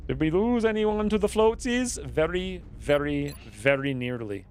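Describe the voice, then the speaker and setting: A man's voice: high voice, animated, unhurried, darkish tone, slight background noise. Rambling, playful male game streamer. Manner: rambling, playful, thinks aloud. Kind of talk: casual gaming commentary.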